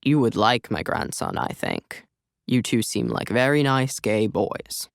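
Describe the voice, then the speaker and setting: A male narrator puts on an older man with a faint accent who rambles on earnestly, his voice pitched a touch higher and pushed louder than the narration. The gravelly grain stays, and the room is dry. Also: sing-song, measured pace, no room sound, heavily acted. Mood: earnest rambling. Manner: slight unplaced accent, earnest, meandering.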